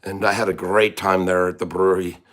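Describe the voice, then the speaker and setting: A man plays a boastful leprechaun with a put-on Irish accent, swaggering and mock-tough as he teases a live-stream chat. The voice sits on the low side for a man, with a cheeky lilt. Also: flat delivery, brisk, fairly bright tone.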